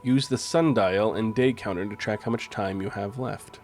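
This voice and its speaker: A man's voice: on the low side, moderate pace, darkish tone, soft background music. A man streaming a game, commenting casually, swearing freely and reading on-screen text aloud.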